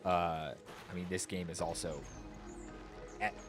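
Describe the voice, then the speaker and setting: A man's voice: low voice, flat delivery, a little slow. A man chatting casually while streaming a video game, rambling and hesitant as he talks to his chat. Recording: loud game music behind. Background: game music.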